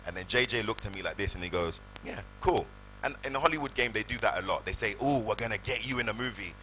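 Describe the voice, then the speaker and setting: This UK guest actor entertains a live hall audience with animated onstage storytelling, performing voices as he goes. He speaks quickly with a lowish voice, over slight background noise and poor audio.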